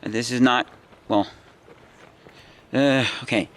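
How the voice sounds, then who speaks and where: A tired young man in his twenties rambles through a personal story, stopping and restarting often. His voice sits at an ordinary pitch, with faint traffic noise outside behind him. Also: a bit bright. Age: 20s. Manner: halting, meandering, many restarts and fillers. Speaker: vlogger.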